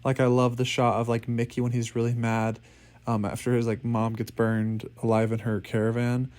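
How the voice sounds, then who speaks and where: A man's voice: mid-range voice, monotone, normal speed, a little mellow. A man chatting casually about a movie as co-host, filling his speech with "like" and re-enacting scenes. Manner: heavy "like" filler, re-enacts scenes. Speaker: podcast co-host.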